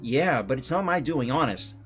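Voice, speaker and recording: A man reading the lines of a young woman witch, slightly raised in pitch. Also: lively intonation, moderate pace, soft background music, close to an everyday voice. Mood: worried.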